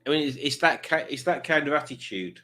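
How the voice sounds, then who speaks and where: A man's voice: fairly high pitch, animated, fairly quick, pushed and bright. A man hosting a live stream, chatting casually and reading out viewer messages in silly voices. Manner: joking, reads chat messages aloud in silly voices. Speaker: livestream host.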